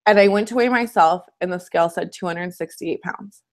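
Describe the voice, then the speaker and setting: A woman's voice: fairly low pitch, brisk. Woman fitness coach, casual live-stream host at home; chatty, candid, personal delivery.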